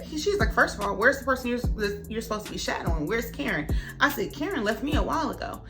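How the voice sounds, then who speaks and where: A young woman vlogger telling a story in a casual, animated way, acting out the other people's lines. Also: mid-range voice, moderate pace, over music. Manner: animated, dramatic retelling with voices for others.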